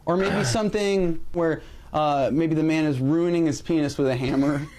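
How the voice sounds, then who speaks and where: Deadpan man in a comedy sketch. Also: a little high. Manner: straight-faced, deliberate, absurd. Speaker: guest comedian.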